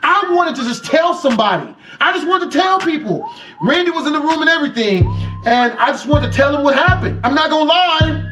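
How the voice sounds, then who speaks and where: Male storyteller, very high voice, slangy and emotional, over a clear music bed. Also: fairly quick. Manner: slangy, emotional, animated retelling. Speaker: storytime narrator. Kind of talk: casual personal storytelling. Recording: background music under voice.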